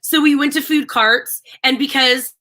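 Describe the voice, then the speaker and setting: A woman co-hosting a live stream, chatting casually and telling animated, ranting stories. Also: high voice, a little slow. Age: adult with a daughter. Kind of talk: casual chat.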